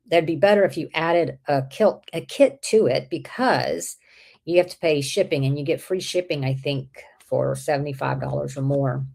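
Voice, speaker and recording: A woman hosting a casual livestream, chatting with viewers, with an irritated throat she keeps clearing. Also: sits low, a little mellow. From Texas. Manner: chatty, rambling, reads out viewer comments. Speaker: livestream host.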